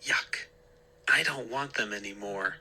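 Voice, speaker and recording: A man's voice: fairly low pitch, unhurried, sharp tone, slight background noise, full character voice, poor audio. A man doing a whiny wailing teen brother. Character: whiny upset teenage brother.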